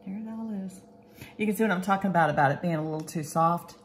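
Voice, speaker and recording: This cooking show host talks fast in a lowish voice, running a relaxed demo from her own kitchen and giving step-by-step directions in a chatty, slightly bossy way. The room is echoey, with noticeable noise behind her.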